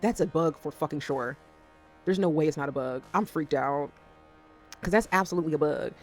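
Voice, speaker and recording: A woman's voice: low-pitched, brisk, soft background music. A woman talking casually to camera as a vlogger, rambling and swearing as she jumps between topics.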